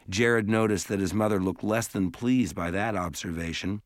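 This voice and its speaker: A man reading a story aloud as an audiobook narrator, in a measured, even way. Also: fairly low pitch, no echo, clean studio sound. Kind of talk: scripted narration.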